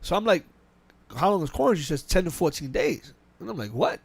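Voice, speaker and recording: Fast-talking man telling a story. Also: fairly high pitch, vocal fry, slightly rough, no echo. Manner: fast, animated storytelling with frequent restarts and quoted dialogue. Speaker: podcast host. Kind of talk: casual podcast chat, storytelling. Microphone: podcast mic.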